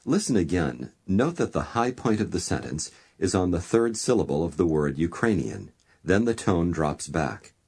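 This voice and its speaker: A man narrating a language course in a calm, measured instructor's manner, prompting the learner to repeat. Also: low voice, breathy edge.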